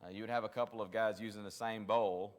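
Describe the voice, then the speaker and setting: Low-voiced man teaching a Bible class. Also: fairly even intonation, fast talker, big-room sound. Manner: conversational, with frequent restarts and acted-out quotes. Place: church classroom.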